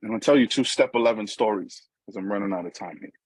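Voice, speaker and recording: Low husky New York man telling his story. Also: fast, no room sound, rough recording. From New York, USA. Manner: conversational storytelling, frequent "right?" asides. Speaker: recovery meeting speaker. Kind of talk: personal recovery talk.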